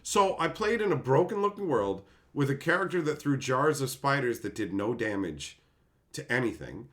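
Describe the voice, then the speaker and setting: A man's voice: medium pitch, normal speed. Host, male, casual storyteller, voice swings up and down a lot, salty language. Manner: animated, swears, acts out quotes in different voices. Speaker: channel host.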